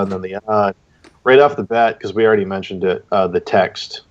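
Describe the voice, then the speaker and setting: A man's voice: lowish voice, steady tone, moderate pace. A man acting as guest judge, giving casual, rambling critique of comic entries on a livestream over a video call. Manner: rambling, filler-heavy feedback. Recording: dull lo-fi stream audio.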